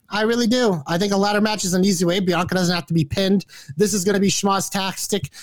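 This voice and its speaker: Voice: mid-range voice, dry recording. A podcast co-host going through a list of picks in casual chat, blunt, indecisive and swearing often.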